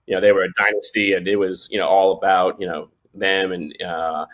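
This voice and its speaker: A man's voice: low voice, little pitch movement, a little fast, a bit bright. A man in his forties, a sports photojournalist guest, telling stories in casual chat with many restarts and fillers.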